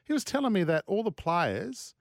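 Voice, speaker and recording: Male sports radio host, lively pitch, dry studio sound, chatty banter. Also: moderate pace, gravelly, no room sound. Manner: chatty, laughs easily, hesitant fillers.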